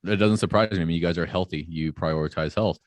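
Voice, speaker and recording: A low-pitched man talking on a casual podcast. He rants with emphasis and swears freely. The recording is dry and close. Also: fast, no room sound. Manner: emphatic, heavy swearing, ranting. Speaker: podcast guest, fitness business founder.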